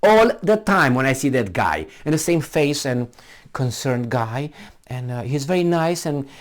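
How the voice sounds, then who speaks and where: This commentator, whose first language is not English, speaks a little slowly in a mid-range, sing-song voice. His opinion monologue is blunt and rambling, with lots of restarts and swearing.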